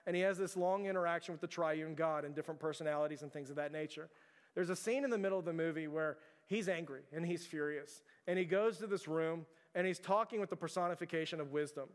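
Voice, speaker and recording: A man's voice: fairly high pitch, fairly even intonation, quick pace. Man preaching in a reverberant hall. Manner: conversational, asks the congregation questions. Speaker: pastor. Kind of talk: sermon. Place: church sanctuary.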